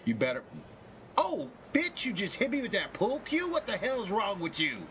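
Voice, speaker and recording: A man's voice: sits high, wildly swooping pitch, normal speed, a bit bright, a little hiss or hum, pitched above the performer's own voice, full character voice. A man doing a squealing, foul-mouthed teddy bear. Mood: outraged. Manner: squealing, outraged, profane.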